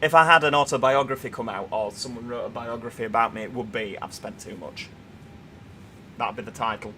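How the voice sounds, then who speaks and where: Speaking quickly in a steady, mid-range voice, this young Yorkshire-accented man runs a casual livestream, reading out viewer comments and chatting about them. The background is noisy.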